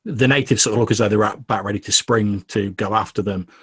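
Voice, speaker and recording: Young man, game master, low husky voice, casual narration, dry close mic. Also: steady tone, quick pace, a bit bright, no echo. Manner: casual, loose narration with many fillers.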